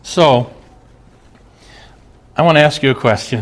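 A man's voice: on the high side, animated, normal speed, long pauses. A middle-aged male pastor preaching a sermon, earnest, asking the congregation rhetorical questions.

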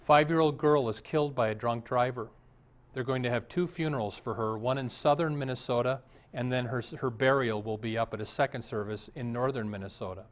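A man's voice: mid-range voice, a little fast. A man, a pastor, preaching a conversational sermon with jokes and direct questions to the congregation.

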